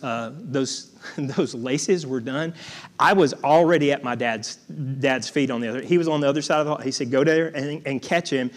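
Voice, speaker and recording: A man preaching a storytelling sermon as a guest preacher, stumbling over and repeating his words and joking with the congregation. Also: on the high side.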